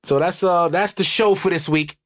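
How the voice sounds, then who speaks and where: A man's voice: high voice, steady tone, moderate pace, fairly bright tone, no room sound, clean studio sound. A young man with a New York accent hosting a podcast, blunt and profane, joking through casual chat. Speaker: podcast host.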